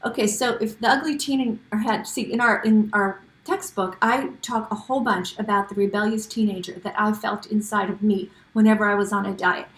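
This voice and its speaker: A woman's voice: mid-range voice, reverberant, poor audio. A middle-aged woman hosting a casual talk to camera, chatty and encouraging, often restarting her sentences. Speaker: host.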